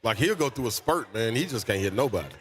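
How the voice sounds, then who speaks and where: A male sports radio co-host with a mid-pitched voice, relaxed and agreeable. He talks in easygoing slang and backs up his partner's takes. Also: quick pace. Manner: laid-back, agreeable, slangy.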